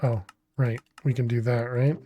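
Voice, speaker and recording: Heard through lo-fi sound, a medium-pitched male voice chats casually while streaming a video game. He thinks out loud, responds to his chat, and keeps things relaxed and unhurried, laughing a lot as he goes.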